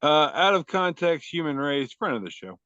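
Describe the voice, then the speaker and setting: A man's voice: a little high, big pitch swings, normal speed, fairly bright tone, dull audio, slight background noise. A man co-hosting a podcast, presenting memes in a laid-back, profane, self-deprecating way. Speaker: podcast co-host. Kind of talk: casual chat presenting memes.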